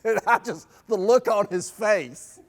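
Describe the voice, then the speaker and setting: A man's voice: sits high, measured pace. A man presenting a stewardship seminar, telling anecdotes and acting out the people in them. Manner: lively storyteller acting out quoted people. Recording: long hall reverb.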